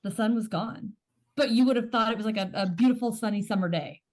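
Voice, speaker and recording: A woman's voice: fairly high pitch, fast. A woman hosting a podcast, curious and eager, sometimes searching for words in casual chat. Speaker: podcast host.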